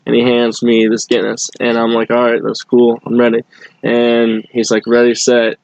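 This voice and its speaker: Young man, casual chat guest, rambling storyteller, monotone. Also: mid-range voice, moderate pace, gravelly, dry recording, dull audio. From Boston area. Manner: rambling, many fillers and restarts.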